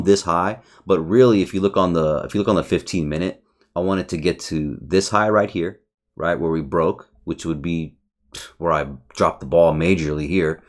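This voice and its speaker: Profane, deep-voiced man ranting over charts. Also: normal speed. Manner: frustrated, profane, rambling. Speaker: trading channel host. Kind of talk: casual market review over charts.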